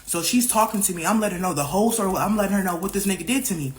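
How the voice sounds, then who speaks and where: A woman with a mid-range voice races through a personal story, using lots of slang and profanity in a casual way. She acts out other people's lines in raised voices.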